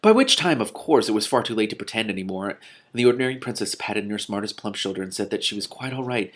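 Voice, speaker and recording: A man reading a children's novel aloud, breaking off with animated, exclaiming reactions. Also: fairly low pitch, quick pace. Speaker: reader and commentator.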